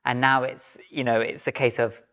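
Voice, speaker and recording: A young man talks as a podcast guest in relaxed chat. He is reflective and earnest, and he sometimes repeats words while he gathers his thoughts. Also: mid-range voice, normal speed, clean tone. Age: young adult. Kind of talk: casual chat.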